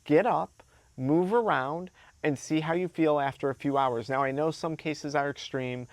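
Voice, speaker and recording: A man's voice: mid-range voice, fairly even intonation, moderate pace, dry recording. A man speaking as an addiction recovery coach, giving a motivational talk to camera in an earnest, emphatic way, repeating key words for stress.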